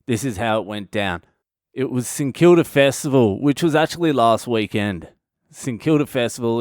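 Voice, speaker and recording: A man, hosting his own podcast and telling a wild, sweary anecdote in a casual, animated way. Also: medium pitch, clean tone, no room sound, clean studio sound. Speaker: comedian podcast host. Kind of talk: casual storytelling monologue.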